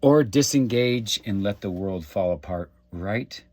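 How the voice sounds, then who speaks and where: Man, husky voice, slow and deliberate, dry close sound, preachy. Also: lowish voice, expressive, darkish tone, dry recording. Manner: deliberate, preachy, calls to action. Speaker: social media creator. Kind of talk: preachy talk to camera.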